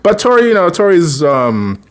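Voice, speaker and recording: A man's voice: sits high, very animated, normal speed. Casual man recapping a TV episode. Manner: rambling, chuckling, acts out character lines. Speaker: TV episode reviewer.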